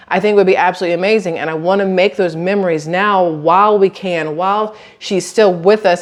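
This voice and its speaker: Chatty woman vlogging. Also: fairly low pitch. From southern United States. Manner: chatty, rambling, animated with frequent asides. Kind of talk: casual chat to camera.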